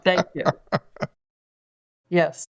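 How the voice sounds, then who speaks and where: An older woman from England speaking as a podcast guest, reflective and prone to repeating words as she searches for them. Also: extremely slow. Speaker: guest, five element acupuncturist. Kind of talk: conversational podcast interview.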